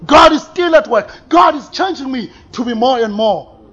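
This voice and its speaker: A man preaching a sermon, animated, swinging between loud exclamations and quiet asides with frequent laughs. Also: extremely high pitch, moderate pace. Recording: slightly dull recording with faint room ambience.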